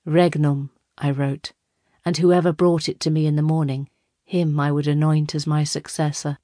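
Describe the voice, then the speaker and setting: A woman voicing an aging male emperor who talks in a conversational, unhurried way, in a storybook reading. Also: low-pitched, flat delivery, warm tone, dry recording, clean studio sound, close to an everyday voice. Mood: musing.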